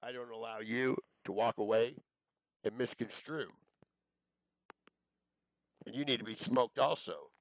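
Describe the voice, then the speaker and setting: A man's voice: mid-range voice, unhurried, creaky, long pauses, dry recording, poor audio. A man delivering an angry, profane monologue, accusing and cursing as he rambles from one charge to the next.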